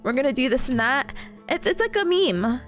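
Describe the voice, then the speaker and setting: A woman's voice: sits high, sing-song, normal speed, faint music behind. A woman streamer chatting casually with her viewers, giggling and laughing often between sentences. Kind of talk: casual livestream chat.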